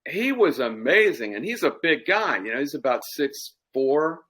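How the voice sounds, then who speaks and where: A middle-aged man with a bright, lively voice tells a rambling anecdote in casual podcast chat. His pitch swings widely as he acts out the story, and he often laughs along with it. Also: normal speed, breathy edge. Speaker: podcast co-host.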